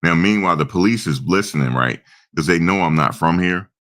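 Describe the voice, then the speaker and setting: A man from New Jersey with an extremely deep voice tells a casual personal anecdote. He is a young adult and an animated storyteller who slips into the voices of the people he quotes. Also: fairly quick.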